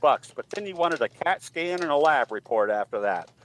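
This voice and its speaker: A man voicing a patient veterinarian in a joke, in a flat, matter-of-fact tone close to his own voice. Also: on the high side, moderate pace, a little hiss or hum. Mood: deadpan. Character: patient, dry male veterinarian.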